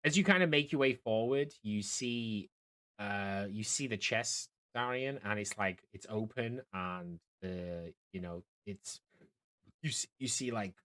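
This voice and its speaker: A young man narrating as dungeon master of a tabletop game, halting and full of fillers. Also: lowish voice, fairly bright tone. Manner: hesitant, many fillers and restarts.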